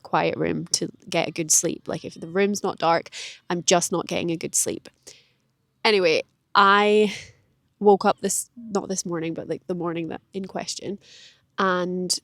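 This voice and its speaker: A woman's voice: fairly low pitch, no echo, clean studio sound. A woman, rambling candidly and self-deprecatingly in a personal vlog. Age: late 20s. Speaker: vlogger. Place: outdoors in a park.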